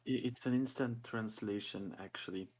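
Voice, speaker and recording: A man's voice: lowish voice, moderate pace, a little mellow, slightly rough. A man taking part as a player in a tabletop game, stammering and repeating words as he describes his move. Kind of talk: casual tabletop play.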